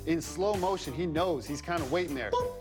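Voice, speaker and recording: A man's voice: on the high side, fairly quick, over music. A man who played the game, now a studio analyst explaining plays in a conversational, slightly jokey way. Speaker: basketball analyst and former player. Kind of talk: studio film breakdown commentary.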